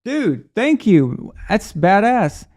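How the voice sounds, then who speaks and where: A middle-aged man with a high, sing-song, slightly mellow voice hosts a live sports stream at a slow pace, reading super chats. He's a casual storyteller who rambles and restarts, and he performs voices whenever he quotes someone.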